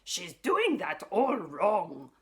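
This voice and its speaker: Brash, whooping male alien visitor, read by a woman from a storybook; slow delivery, big swoops. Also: fairly low pitch, wildly swooping pitch, heavily acted. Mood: bossy. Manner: loud, bawling and whooping.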